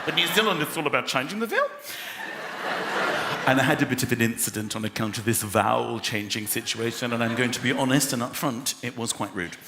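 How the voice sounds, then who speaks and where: On a large theatre stage, a man does stand-up, telling animated stories and acting out characters. He has a medium pitch and talks fast with few pauses. The recording is very noisy, echoing through the theatre with loud crowd laughter.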